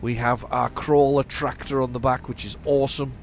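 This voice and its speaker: A middle-aged man from northern England with a flat northern accent, chatting casually while playing a driving game, rambling and restarting his sentences. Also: medium pitch, moderate pace. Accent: flat northern English. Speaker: gaming channel host. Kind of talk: casual let's-play commentary.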